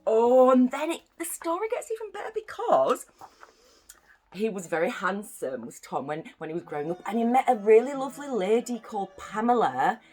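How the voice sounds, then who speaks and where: A woman's voice: a little high, very animated, normal speed, a little mellow. A young woman from the UK reading a children's bedtime story aloud, with chatty, playful asides to the listening children. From United Kingdom.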